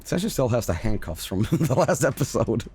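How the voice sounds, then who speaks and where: In casual livestream chat, a man who streams and does voice acting talks emphatically, repeats himself and swears without restraint. His mid-range voice has a sing-song lilt at normal speed, with background noise in the recording.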